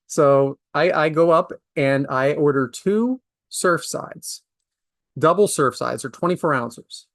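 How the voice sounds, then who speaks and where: A man's voice: slow pace, no room sound, clean studio sound. A man in his forties telling a story in a casual, exasperated, ranting way. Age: 40s. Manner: exasperated, ranting, swings from low mutter to high outburst. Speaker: podcast host.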